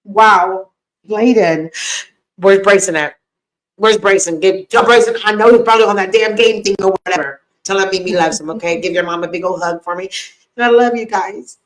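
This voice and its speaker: A woman's voice: mid-range voice, normal speed. An older woman co-hosting a live podcast, effusive and emotional, greeting viewers by name. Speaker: podcast co-host. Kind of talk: casual live chat. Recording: echoey room.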